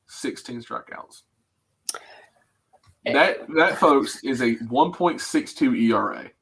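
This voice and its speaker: A man's voice: mid-range voice, fairly bright tone, breathy edge. A man co-hosting a casual sports talk show, ranting in a fired-up way and rattling off stats. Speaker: co-host.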